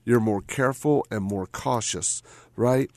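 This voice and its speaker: A man's voice: medium pitch, a little slow, a little mellow. A man hosting a radio talk show, chatting casually and tagging his points with "right?" and repeated phrases.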